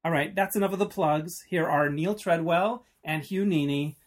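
A man's voice: fairly high pitch, moderate pace. A man hosting a podcast interview, chatty and enthusiastic, with frequent ums. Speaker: podcast host.

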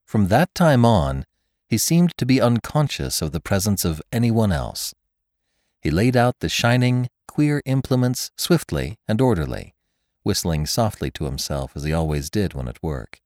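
Deep-voiced man narrating a classic story. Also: no room sound, studio quality. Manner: expressive, measured storytelling. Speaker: podcast narrator. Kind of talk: scripted audiobook narration.

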